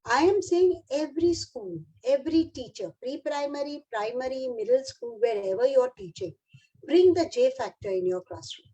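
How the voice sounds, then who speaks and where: An Indian English woman delivers a motivational keynote to a room of teachers, coaxing and encouraging them the way she would her own class. Her voice sits high, yet its tone stays mellow and warm. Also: animated, moderate pace, poor audio. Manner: encouraging, addresses audience like a class. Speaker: keynote speaker.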